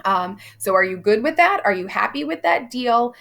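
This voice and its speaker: Chatty woman teacher with a gravelly edge. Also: fairly high pitch, animated, fairly bright tone. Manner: conversational, with quick asides and quizzing questions; reads quoted lines aloud in a plain voice. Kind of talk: recorded classroom lesson walking through a play.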